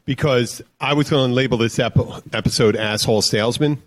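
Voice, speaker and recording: A man hosting a podcast in casual chat, easygoing and quick to laugh. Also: mid-range voice. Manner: easygoing, quick to laugh, short agreeing replies. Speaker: podcast host.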